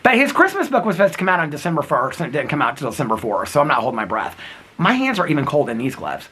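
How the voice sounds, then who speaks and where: Talking very fast with huge pitch swings, a man in his fifties records a casual daily vlog outdoors in cold, snowy weather. His slightly high voice is husky and a bit bright, and he's chatty and giggly, calling viewers girl and honey.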